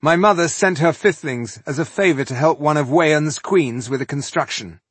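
A man's voice: fairly high pitch, moderate pace, breathy edge, no room sound, pitched above the performer's own voice. A man voicing a proud male dwarf of the fifling tribe who explains things with pride.

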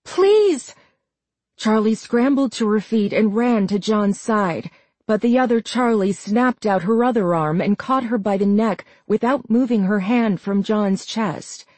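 A woman reading a suspenseful story aloud in a measured, tense storytelling manner. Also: mid-range voice, a little mellow, dry recording. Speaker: narrator. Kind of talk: scripted audiobook narration.

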